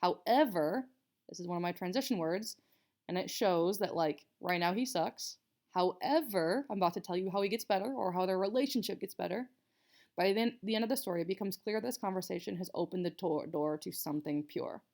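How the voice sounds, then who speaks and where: A woman's voice: on the low side, brisk, a little mellow. A young woman teacher explaining a writing assignment to students in a casual, chatty way, with many fillers. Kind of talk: casual recorded writing lesson.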